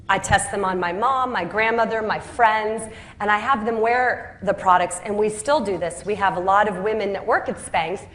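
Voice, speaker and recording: A woman telling the story of how she built her business, lively and laughing at her own anecdotes. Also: medium pitch, moderate pace, a little hiss or hum. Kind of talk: storytelling talk. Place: home city Atlanta.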